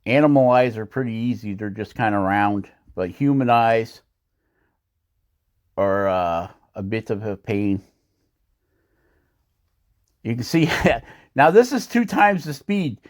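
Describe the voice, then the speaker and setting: A man's voice: on the low side, animated, takes it slowly, pauses often. A man hosting a woodcarving channel, talking through his work in a casual how-to voice-over, rambling and self-deprecating with frequent chuckles.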